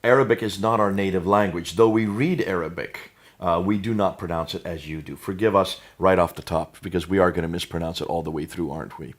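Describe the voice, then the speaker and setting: Deep American male co-host, steady and emphatic, pressing leading questions. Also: fairly quick, few pauses. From United States. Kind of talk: apologetics discussion.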